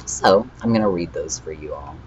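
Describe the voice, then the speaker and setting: A teenage guy vlogger casually recapping a drama story, rambling with fillers and flatly reading out chat messages. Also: a bass voice, normal speed, highs cut off, slight background noise. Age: teens.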